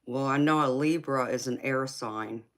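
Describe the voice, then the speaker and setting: This tarot reader and livestream host has a very deep, slightly bright voice at normal speed. She's a middle-aged Californian with a Southern accent who chats through viewer comments, laughs a lot, and calls everyone honey or sweetheart.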